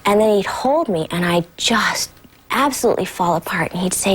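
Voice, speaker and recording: A former child actress speaking in an interview in a soft, reflective, earnest way. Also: female voice, medium pitch, lively intonation, moderate pace, husky.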